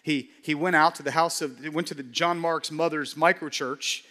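A man pastor preaching a sermon with fervor, repeating words and swinging between loud declarations and hushed murmurs. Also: a little high, fairly even intonation, moderate pace, in a large hall. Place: large church hall.

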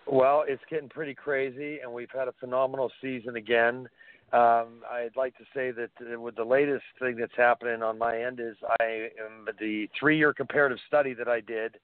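On a phone-in radio interview, a male guest who invented a helmet pad tells animated anecdotes with real enthusiasm. His mid-range voice moves at normal speed, and the line sounds thin, dry and tinny.

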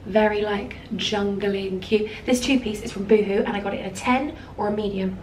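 A young British woman chatting brightly through a fashion vlog, showing off outfits in a holiday room. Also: medium pitch, fairly even intonation, brisk, recorded from a distance, a little hiss or hum. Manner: bubbly, chatty, keeps saying cute. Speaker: fashion vlogger. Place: holiday room with insects outside. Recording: echoey room, slightly off-mic. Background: faint crickets.

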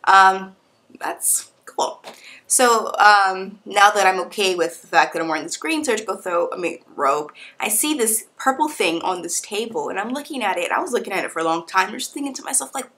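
A woman's voice: mid-range voice, a little fast. A young woman vlogging casually, telling a story in a slangy, playful way and acting out what others said. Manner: animated, acts out quotes of doctors and nurses.

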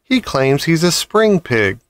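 A man's voice: fairly high pitch, very animated, slow pace, clear, resonant tone, no echo, pitched above the performer's own voice. A man voicing a polite, precise female spider who grows tired, in a storybook reading. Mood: disapproving.

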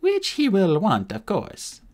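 A terse, unimpressed young warrior woman with a soft Irish lilt, as a male narrator puts her on. Her husky voice is lifted higher, with lively swings in pitch. She sounds guarded and dry, like a storybook heroine who has seen it all. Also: takes it slowly, heavily acted. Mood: wary. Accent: Irish, put on.

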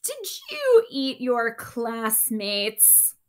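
A woman voicing a calm T. rex father in a picture book read-aloud, speaking slowly and patiently. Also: on the high side, heavily acted. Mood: puzzled. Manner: slow, patient and explaining.

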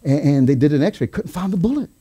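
A man preaching a sermon as pastor, telling a story with quoted voices and rising to excited shouts. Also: a little high, fast talker, slightly rough. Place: church sanctuary.

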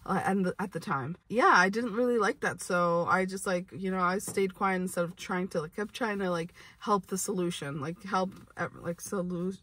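A young adult woman vlogger tells a rambling story to camera, full of "like" and restarts. Her voice is lowish and a bit bright, at a moderate pace with few pauses, and she sounds distant from the mic.

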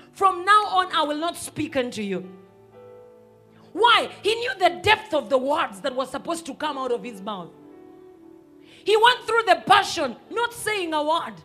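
A woman pastor, preaching a sermon emphatically and sometimes rising to a shout. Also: extremely high pitch, big pitch swings, unhurried, soft background music. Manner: emphatic, rises to shouts and acts out quoted voices.

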